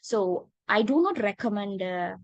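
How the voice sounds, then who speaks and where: A woman with a Sri Lankan accent teaching English in an online class. She is patient, calls students darling and dear, and pauses often with "uh". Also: mid-range voice, animated, no room sound, dull audio. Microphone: video call.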